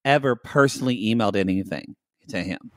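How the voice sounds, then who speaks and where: A man's voice: lowish voice, fairly quick, no echo, clean studio sound. A man co-hosting a podcast, speaking bluntly and crudely in casual chat. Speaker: podcast co-host.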